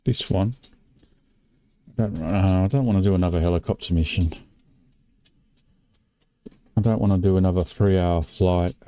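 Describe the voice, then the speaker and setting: Low-voiced older Australian man. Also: moderate pace, long pauses. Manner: relaxed, laughs easily, teasing banter. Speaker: gaming channel host. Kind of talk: casual chat while playing a flight sim.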